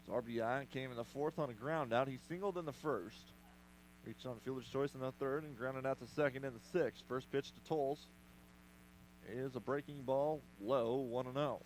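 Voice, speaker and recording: A man doing play-by-play commentary for a baseball radio broadcast, brisk with playful asides. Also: medium pitch, a little mellow, slight background noise, rough recording. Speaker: play-by-play announcer.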